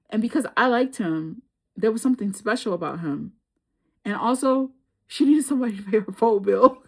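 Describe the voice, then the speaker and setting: A woman's voice: a little high, gravelly. A woman doing a tarot reading, telling a personal story in casual, slangy speech and laughing often. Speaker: tarot reader.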